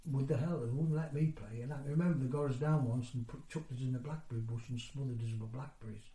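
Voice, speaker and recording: Man in his sixties, mellow rambling storyteller. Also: mid-range voice, fast talker. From North East England. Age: 60s. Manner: rambling, conversational storytelling with broken-off phrases. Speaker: interviewee. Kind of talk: oral history interview. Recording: roomy echo.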